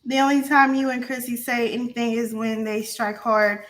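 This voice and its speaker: A woman's voice: a little high, level tone, moderate pace. A young woman hosting a livestream, ranting in a heated, profane way, repeating words for stress and talking straight to her chat. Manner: talks to her chat directly. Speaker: livestream host. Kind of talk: heated casual livestream rant.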